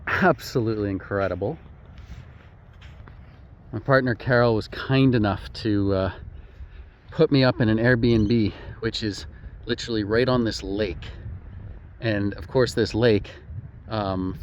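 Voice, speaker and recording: A man's voice: fairly low pitch, steady tone, a little slow, a little hiss or hum. A man casually narrating a travel vlog outdoors, easygoing and chatty, laughing often. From Canada. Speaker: outdoor vlogger.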